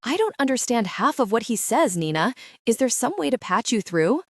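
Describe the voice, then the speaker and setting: Woman doing a high, loud southern office gal, bossy and flustered, for an audiobook. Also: very animated, normal speed, dry recording, studio quality. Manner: barking, flustered.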